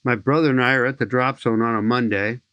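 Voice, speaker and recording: A man in his sixties from St. Louis, a skydiving instructor telling lively, enthusiastic stories as a podcast guest. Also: mid-range voice, quick pace, no room sound, highs cut off. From St. Louis, USA. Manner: enthusiastic, lively anecdotal storyteller. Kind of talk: animated storytelling in an interview.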